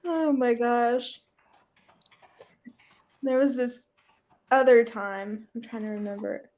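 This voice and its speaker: A woman's voice: fairly high pitch, a little mellow. A young woman from Nebraska co-hosting a live reading stream in casual chat, giggly and chatty with snorting laughs. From Nebraska, USA.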